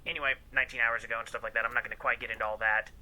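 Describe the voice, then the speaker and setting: A man's voice: mid-range voice, flat delivery, very fast, sharp tone, low-quality recording. A man ranting in a played video clip, exasperated and scolding.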